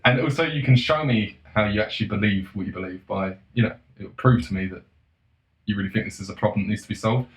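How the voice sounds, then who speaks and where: A man in a casual monologue, profane and sarcastic, breaking into mocking shouts. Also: lowish voice, fast talker. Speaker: solo commentator. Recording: roomy echo.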